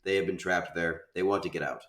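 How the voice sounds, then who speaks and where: A man's voice: sits low, quick pace, fairly bright tone, roomy sound. A man co-hosting a casual film review chat, emphatic and repeating his points as he complains at length. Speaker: podcast co-host.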